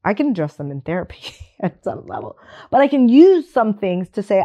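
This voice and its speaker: A woman's voice: medium pitch, sing-song, fairly quick. A woman speaking bluntly and emphatically in candid conversation, swearing casually and laughing often. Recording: dull lo-fi recording.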